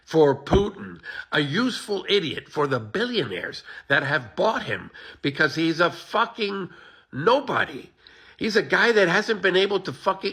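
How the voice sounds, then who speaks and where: A man's voice: sits high, pushed and bright, husky. A man ranting to his phone camera, profane and exasperated, with bitter laughter running through his talk. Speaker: social media poster.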